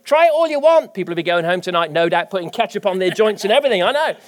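A middle-aged man delivers a sermon from the pulpit. His voice sits notably high, and he talks animatedly, swelling into emphatic, declarative peaks. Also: lively intonation, very fast. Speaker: pastor.

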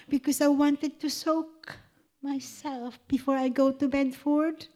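A woman's voice: high voice, fairly even intonation, slow pace, mellow. A woman giving an emotional devotional testimony, fervent and tearful, often breaking into laughter. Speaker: speaker sharing a Christian testimony.

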